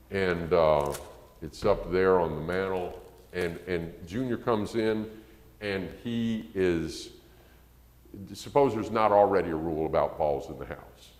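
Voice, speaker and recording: A man's voice: sits low, darkish tone. A man preaching a conversational sermon, acting out quotes and rising to emphasis. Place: church sanctuary. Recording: echoey church hall.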